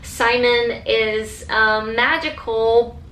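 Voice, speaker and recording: A woman's voice: fairly high pitch, little pitch movement, extremely slow, bright, forceful tone, reverberant, slight background noise, poor audio. A woman vlogger chatting casually and eagerly about books, with lots of fillers and restarts. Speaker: book vlogger. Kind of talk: casual chat.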